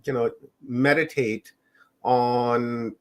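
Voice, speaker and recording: A middle-aged man from Canada, a podcast guest recounting his own experiences in a loose, unhurried way. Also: medium pitch, fairly even intonation. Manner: unhurried, rambling storytelling. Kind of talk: personal storytelling in an interview.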